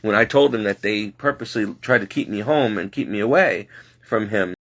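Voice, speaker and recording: A man with a lowish voice telling his own story in a casual way. He speaks earnestly and haltingly, restarts often, and brings in God and the supernatural. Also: a bit bright, a little hiss or hum. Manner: earnest, halting, circles back on itself.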